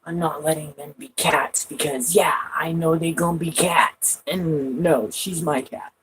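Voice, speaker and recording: A woman's voice: low-pitched, fairly even intonation, measured pace, husky, rough recording. A woman vlogging from home in casual rambling chat, swearing a lot and laughing often.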